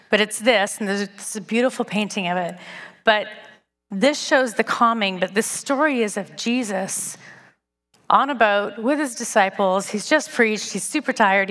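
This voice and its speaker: A woman's voice: on the high side, in a large hall. Conversational woman giving a sermon. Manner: conversational, self-deprecating, animated storytelling. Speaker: speaker at a church gathering.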